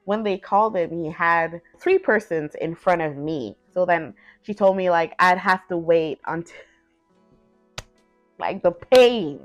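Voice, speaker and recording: A woman's voice: lowish voice, measured pace, faint music behind. Chatty woman vlogger, dull lo-fi sound. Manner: chatty, filler-heavy, acts out quoted lines. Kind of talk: casual personal storytelling.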